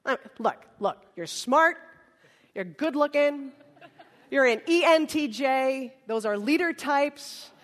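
A woman voicing God as a hyped, slangy male coach giving a shouted pep talk, in a reverberant hall. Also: sits high, lively intonation, slow pace.

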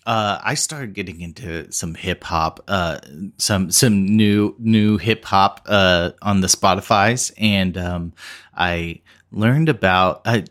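Chill dude rambling on a podcast, goofy, lots of uh and um. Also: male voice, low voice, slow pace, a bit bright. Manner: playful, rambling, many fillers and restarts. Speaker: podcast co-host. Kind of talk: casual podcast chat.

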